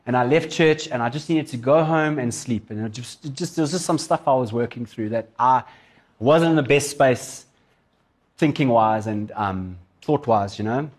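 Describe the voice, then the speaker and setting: A man's voice: mid-range voice, moderate pace. A man preaching, telling stories animatedly and acting out the people in them. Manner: animated, acts out voices in his stories. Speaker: pastor. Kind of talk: storytelling sermon.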